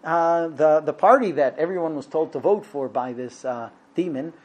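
A man in his thirties telling a religious story in a casual, lively way, acting out the voices of the people in it. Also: on the high side, moderate pace. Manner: lively, acts out quoted voices. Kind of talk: storytelling talk.

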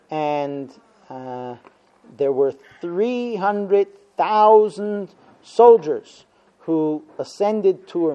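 A man teaching a Talmud class, telling a story with lively acted-out quotes and frequent fillers. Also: on the high side, dull audio. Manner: animated storyteller, acting out quotes, many fillers. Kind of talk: storytelling lesson.

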